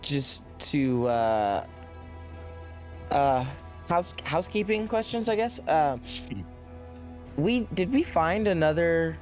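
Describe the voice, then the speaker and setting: Halting man checking game details. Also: on the high side, animated, a little mellow, faint music behind. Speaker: player. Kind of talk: tabletop game chat.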